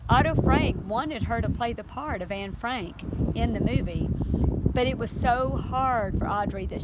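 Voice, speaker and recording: A woman's voice: mid-range voice, moderate pace, very noisy. A woman teacher reading aloud to her class and then talking it over earnestly, with fillers and restarts.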